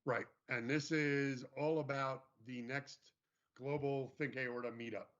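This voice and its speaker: A man's voice: fairly even intonation, unhurried, fairly bright tone. A man co-hosting an online show, casually announcing events with frequent fillers and restarts. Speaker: co-host. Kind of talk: casual livestream chat and announcements. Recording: muffled low-fidelity stream audio.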